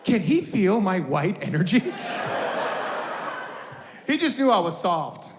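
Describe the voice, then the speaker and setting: Animated young man doing stand-up, high voice. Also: slow, noisy background. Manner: animated, slangy, full of asides. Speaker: stand-up comedian. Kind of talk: stand-up comedy set. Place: comedy venue with live audience. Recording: echoey hall with crowd laughing.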